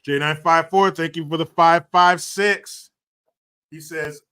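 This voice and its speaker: Brash, bright-voiced male streamer. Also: fairly high pitch, steady tone, slow pace, clear, resonant tone. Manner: profane, joking and blunt. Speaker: livestream host. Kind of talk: casual livestream chat reading donations.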